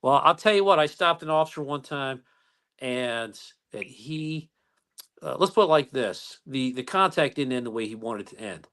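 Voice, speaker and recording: Veteran police chief telling stories. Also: male voice, medium pitch, normal speed. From United States. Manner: animated storyteller who acts out dialogue. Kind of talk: storytelling interview.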